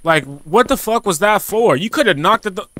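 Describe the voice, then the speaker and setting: Young man, fairly high voice, bright, horror game commentary, profane joking banter. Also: expressive, moderate pace, a little hiss or hum. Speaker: gaming streamer. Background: game music.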